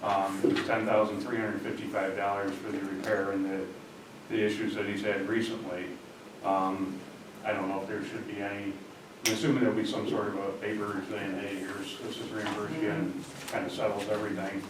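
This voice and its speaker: Man, low voice, halting report, full of ums, echoey hall, distant mic. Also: completely flat delivery. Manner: halting, with many ums and restarts. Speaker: village official giving a report. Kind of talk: public meeting report. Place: village board meeting room. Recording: echoey room from far off, background noise.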